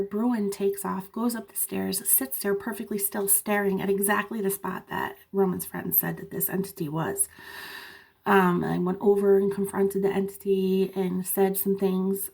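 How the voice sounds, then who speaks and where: A woman's voice: mid-range voice, vocal fry. Chatty woman vlogger with a cough. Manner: chatty, animated, laughing asides, many fillers. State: sick with a cough. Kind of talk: casual storytelling to camera.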